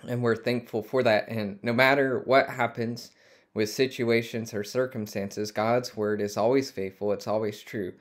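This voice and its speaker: A man leading a weekday family devotion, reading scripture aloud and preaching in an earnest, unhurried way with frequent pauses and fillers. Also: mid-range voice, steady tone. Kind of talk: devotional Bible reading and short sermon.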